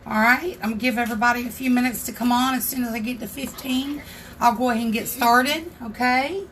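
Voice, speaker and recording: A chatty woman hosts a casual craft tutorial livestream from her home craft room. Her voice sits fairly high, and she greets viewers by name as she works. A faint background noise runs under the recording. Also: steady tone, brisk, a bit bright.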